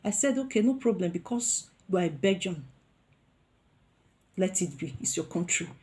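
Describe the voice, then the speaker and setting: A woman from Africa vlogging, telling a personal story with lively, expressive delivery and acted-out quoted voices. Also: on the low side, moderate pace. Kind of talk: storytime vlog.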